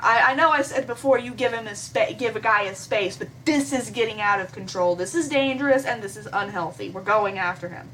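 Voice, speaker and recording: A woman hosting a game playthrough, reading a visual novel aloud in an expressive, animated way and adding her own comments. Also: mid-range voice, fairly quick, few pauses, distant mic, rough recording. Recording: voice from away from the mic with faint hiss.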